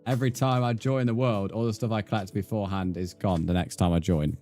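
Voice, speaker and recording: Casting: male game streamer, lowish voice, blunt sweary banter, faint game music behind. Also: steady tone, a little fast, warm tone. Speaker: livestreamer. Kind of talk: casual live gaming stream chat.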